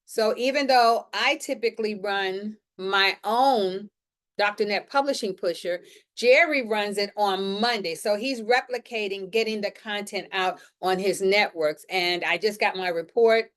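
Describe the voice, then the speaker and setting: A woman's voice: medium pitch, unhurried, fairly bright tone. A woman hosting a publishing Q&A live stream from her home, talking in an upbeat, motivational way and often repeating her phrases. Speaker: host of a publishing Q&A show. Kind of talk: casual live-stream talk. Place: indoors at home.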